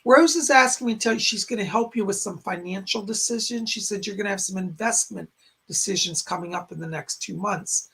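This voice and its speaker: A man hosting a psychic live stream in a raspy, strained voice, relaying spirit messages in short, halting phrases. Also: high-pitched, pushed and bright, a little hiss or hum. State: strained, hoarse voice. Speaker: psychic medium host. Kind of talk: live-stream chat and readings. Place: home in a rural area.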